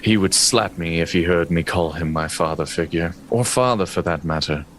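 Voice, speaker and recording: A man's voice: low voice, normal speed, slight background noise, poor audio. A man playing a tabletop game in character, dry and wry. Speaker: player.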